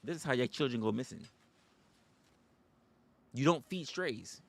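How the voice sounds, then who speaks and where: A man's voice: mid-range voice, animated, a little slow, vocal fry. A man hosting a livestream, ranting comically and profanely. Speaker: livestream host. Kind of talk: comedic rant.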